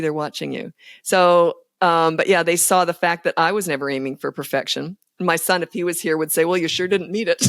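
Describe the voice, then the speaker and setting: A woman's voice: lowish voice, no echo, studio quality. A woman in her sixties, a parenting guest on a podcast, talking in a candid, self-deprecating way and laughing often. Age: 60s. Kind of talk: casual podcast interview.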